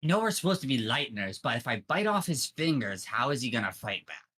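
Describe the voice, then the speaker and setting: A player in a tabletop game, making macabre jokes in a lively way. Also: medium pitch, quick pace, husky. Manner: macabre joking, lively delivery. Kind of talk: casual tabletop game play.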